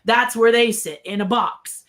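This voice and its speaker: An older woman, a puppeteer being interviewed, telling stories in a lively, casual way and acting out the dialogue. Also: fairly high pitch, unhurried. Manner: lively storyteller who acts out quoted dialogue. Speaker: guest puppeteer.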